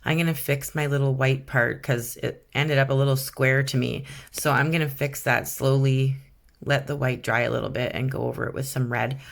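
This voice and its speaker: Giggly low-voiced Canadian woman. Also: fairly even intonation, normal speed, vocal fry. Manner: chatty, giggly, self-deprecating. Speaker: rock painting vlogger. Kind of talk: casual painting tutorial voice-over.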